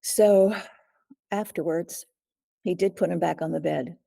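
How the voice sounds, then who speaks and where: Older woman guest, gravelly and low-pitched, halting delivery with frequent throat clearing. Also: mellow. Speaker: guest, survivor and author. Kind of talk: recounting a personal ordeal in an interview.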